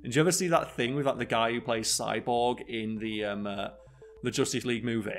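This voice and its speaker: A man's voice: medium pitch, fairly even intonation, fairly quick. A young man, co-host of a casual podcast, who rambles with many fillers and restarts. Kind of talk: casual chat.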